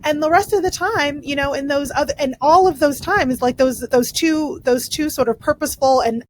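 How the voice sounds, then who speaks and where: Give me a chatty woman psychologist explaining things casually, fillers everywhere, voice on the higher side. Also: moderate pace, a little hiss or hum, poor audio. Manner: chatty, many fillers and "right?" tags. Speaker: clinical psychologist guest.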